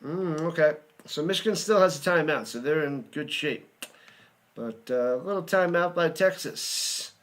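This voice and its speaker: A man hosting a live watch party, giving excitable play-by-play commentary and chatting with viewers. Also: on the high side, moderate pace. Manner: excitable, chatty, hums and sings to himself.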